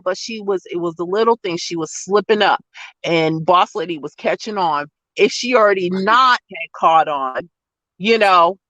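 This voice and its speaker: A woman gossiping in a casual chat, telling an animated story, swearing and laughing often. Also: fairly high pitch, dry recording, dull audio.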